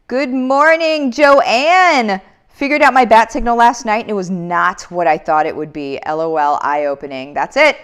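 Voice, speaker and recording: A woman's voice: a little high, a little slow, fairly bright tone, clear, resonant tone. A woman in her thirties hosting a casual live Q&A, reading out viewer comments in an upbeat, motivational way. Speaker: live Q&A host.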